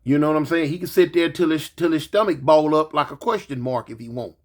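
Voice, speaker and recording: Man, 40s, grandfather. Raised voice, animated storytelling, acts out every quote. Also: on the high side, a little fast. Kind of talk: casual storytelling monologue.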